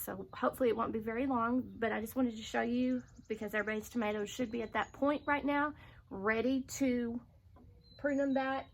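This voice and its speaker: A woman talking casually outdoors on her farm in a vlog, explaining her garden chores and calling her chickens in a sing-song voice. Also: gravelly. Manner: chatty, calls chickens in a high sing-song voice. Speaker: farm vlogger.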